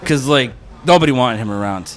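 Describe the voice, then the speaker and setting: A man's voice: mid-range voice, animated, fairly quick. A man hosting a podcast in casual chat, crude and joking, swearing a lot. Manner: crude, joking, heavy swearing, frequent laughs. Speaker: podcast host.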